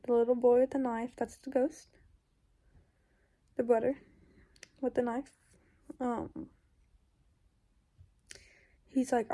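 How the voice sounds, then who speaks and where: Rambling woman with a very dark, mellow voice. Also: a little high, level tone, takes it slowly, long pauses. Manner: rambling, full of "like" fillers, drops into whispers. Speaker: YouTuber. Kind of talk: casual storytelling, recounting a dream.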